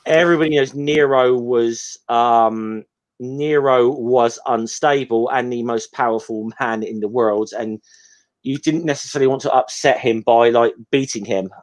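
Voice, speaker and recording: A man's voice: mid-range voice, steady tone, moderate pace. Hesitant man rambling through commentary. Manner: hesitant, rambling, full of ums. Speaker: podcast co-host. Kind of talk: casual film commentary chat.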